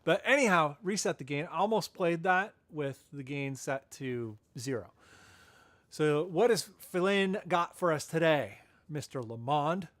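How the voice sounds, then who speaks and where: A man hosts a casual live podcast, talking loosely with plenty of ums and restarts. His voice sits a little high. The sound is close and dry. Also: lively intonation, unhurried, fairly bright tone, no room sound. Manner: rambling, chatty, frequent fillers and self-corrections; laughs at his own asides. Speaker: podcast host.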